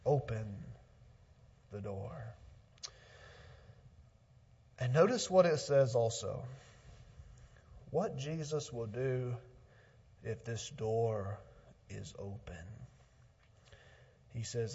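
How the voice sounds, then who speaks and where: Guy pastor preaching slow, mid pitch, goes loud then real quiet, muffled church tape. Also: breathy edge. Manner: swings from loud urgent emphasis to quiet, hushed lines; repeats words, with fillers and restarts. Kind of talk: sermon. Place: church sanctuary.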